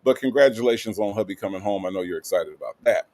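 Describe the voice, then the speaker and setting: A Southern American man hosts a livestream, his voice fairly low and a little mellow, his pace quick, with no echo. Upbeat and casual, he reads live comments, greets viewers by name, and tosses in playful asides.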